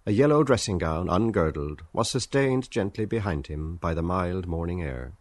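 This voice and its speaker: A man narrating a literary radio drama in a measured, deliberate reading. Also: low-pitched, lively intonation, a little mellow, dry recording.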